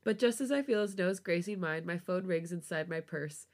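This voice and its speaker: A woman's voice: lowish voice, normal speed, slight background noise. Woman reading fan fiction aloud. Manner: laughs often, giggly reactions. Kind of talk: reading a story aloud with banter.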